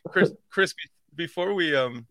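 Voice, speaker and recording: Laid-back swearing podcast host, dry sound. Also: male voice, sits high, animated, a little slow, a bit bright, no room sound. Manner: rambling, swears, laughs at own slips. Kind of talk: casual livestream chat.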